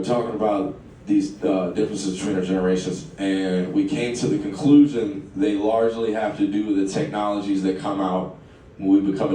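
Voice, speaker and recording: A young man tells his stand-up set in a relaxed, chatty way, often chuckling at his own lines. His slightly low voice bounces around a very echoey room and sounds a little far from the mic. A steady background murmur sits under him. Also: a little hiss or hum. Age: late 20s. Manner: conversational, chuckles through lines, loud acted quotes. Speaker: stand-up comedian. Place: live comedy venue, echoey room. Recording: echoey live room, distant, crowd ambience.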